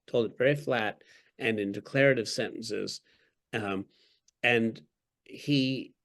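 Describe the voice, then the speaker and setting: A man who is an author and a podcast guest, telling stories in an articulate, wry way during an interview. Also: mid-range voice. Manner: articulate, wry, storytelling, with chuckles.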